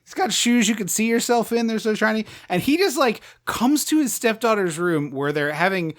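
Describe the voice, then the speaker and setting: Animated woman co-hosting a movie podcast. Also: mid-range voice, moderate pace. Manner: animated, swearing, laughing asides. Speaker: podcast co-host. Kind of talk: casual movie-review chat.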